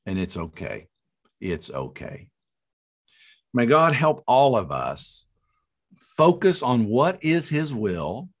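A middle-aged man preaching as a guest speaker, telling a story with lively, laughing delivery. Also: medium pitch. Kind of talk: storytelling sermon.

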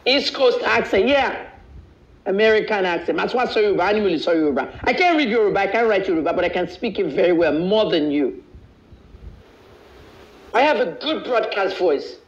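High-voiced boastful man ranting on a live stream. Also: lively intonation, normal speed. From Nigeria. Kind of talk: code-switching live video rant. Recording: echoey, dull live-stream audio.

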